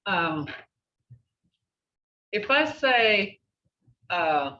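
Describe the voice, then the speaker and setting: An older woman teaching a language class, repeating words slowly and checking in with "okay?". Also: medium pitch, very animated, pushed and bright. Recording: echoey, distant, dull room recording.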